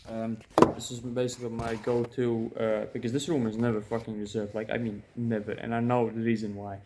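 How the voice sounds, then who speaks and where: A man's voice: medium pitch, mellow. A young man vlogging in a loose, rambling monologue, packed with filler words and casual swearing, talking from a room in a library.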